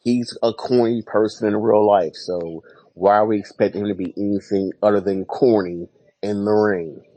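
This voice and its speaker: A man's voice: on the low side, fairly even intonation, normal speed, dark tone, no echo, low-quality recording. A man co-hosting a podcast in casual chat, stumbling over his first words. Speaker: podcast co-host.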